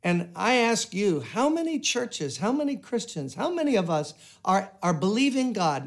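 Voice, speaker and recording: An older man delivers a sermon in a fairly high voice. He preaches earnestly, with emphatic turns into prayer. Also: big pitch swings, moderate pace, gravelly, hardly any pauses. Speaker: pastor.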